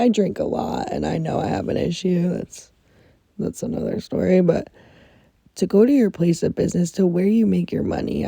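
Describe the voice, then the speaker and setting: A woman hosting her own podcast, telling stories in a rambling, animated way with frequent swearing, talking from under a blanket. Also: lowish voice, creaky, dry recording. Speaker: podcast host. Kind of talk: casual storytelling.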